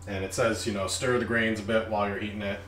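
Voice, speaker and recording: A man ranting profanely on a casual live stream while brewing beer in his kitchen, swinging from muttering to shouting. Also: on the low side, flat delivery, quick pace, echoey room, slight background noise. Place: home kitchen.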